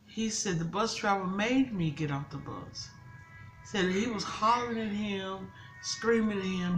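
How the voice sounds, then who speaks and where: A woman's voice: fairly low pitch, a little slow, fairly bright tone, faint music behind, low-quality recording. An older woman, a grandmother, telling an upsetting story in casual chat, tearful and angry by turns. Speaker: vlogger.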